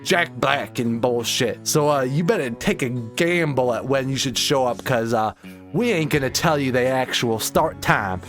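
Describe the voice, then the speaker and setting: A man doing a smug, careless Southern American man with a lazy, exaggerated drawl that runs a touch lower than his own voice. The accent is knowingly overdone in a mocking rant, with faint music underneath. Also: normal speed, fairly bright tone, natural voice. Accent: put-on Southern US.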